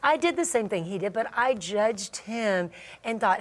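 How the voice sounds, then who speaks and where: A middle-aged woman hosting a Christian marriage talk, telling a story in a lively way, acting out the voices she quotes and laughing often. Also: mid-range voice, normal speed. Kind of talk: animated storytelling chat.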